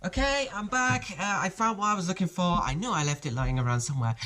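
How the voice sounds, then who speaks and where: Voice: mid-range voice, fast, music in the background. A toy set reviewer giving a casual show-and-tell review in a small home studio, chatty and hesitant, often restarting phrases while handling the set.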